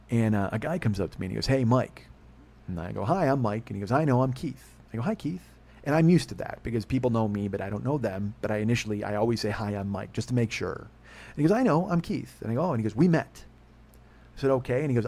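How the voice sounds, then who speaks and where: Fast-talking middle-aged man, rambling and profane. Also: mid-range voice. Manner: rambling, profane, excitable with acted-out dialogue. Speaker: podcast host. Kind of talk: casual monologue storytelling.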